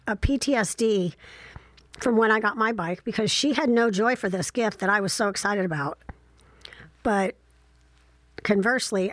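A woman's voice: mid-range voice, dry recording. Candid middle-aged woman telling stories. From Ohio. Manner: candid, reflective, wry, with frequent fillers. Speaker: mother telling personal stories. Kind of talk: casual personal storytelling.

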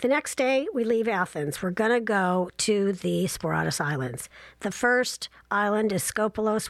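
A woman in her sixties telling a casual travel story, chatty and self-deprecating with animated asides. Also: medium pitch, dry recording.

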